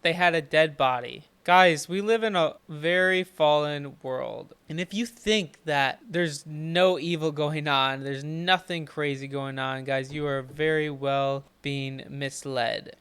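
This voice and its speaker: A man's voice: a little high, takes it slowly, few pauses, fairly bright tone, clear, resonant tone. A man hosting a Christian reaction channel, commenting and then preaching in an earnest, encouraging way.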